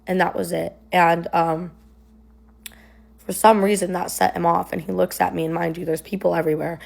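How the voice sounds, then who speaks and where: A woman's voice: fairly low pitch, little pitch movement, normal speed, vocal fry, darkish tone. A young woman casually recounting a personal story, rambling with lots of "like" and "um". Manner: rambling, filler-heavy retelling with many "like" and "um".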